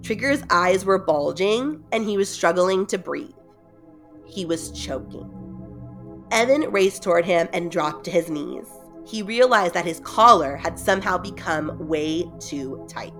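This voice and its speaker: A woman's voice: lowish voice, animated, measured pace, fairly bright tone, faint music behind. A woman hosting a podcast, retelling a story in a casual, chatty way with joking asides. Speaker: podcast host retelling a book.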